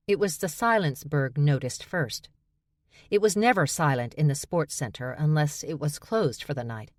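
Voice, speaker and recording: Low-voiced woman narrating an audiobook. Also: animated, moderate pace, dry recording, clean studio sound. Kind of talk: scripted narration.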